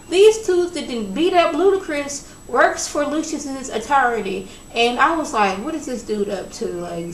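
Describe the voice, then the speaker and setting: Chatty woman recapping in an echoey room. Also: a little high. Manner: animated, acts out characters' lines. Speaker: TV episode reviewer. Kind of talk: casual recap and commentary. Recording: echoey room with faint background noise.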